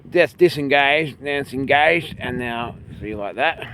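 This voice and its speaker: An Australian man leading a qigong and breathing lesson outdoors by a bay, filming on a handheld phone, calm and soft-spoken, his voice sometimes trailing off quietly. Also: medium pitch, a little slow, hardly any pauses, slight background noise. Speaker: qigong and meditation instructor. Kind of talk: guided breathing instruction. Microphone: handheld phone, filming himself.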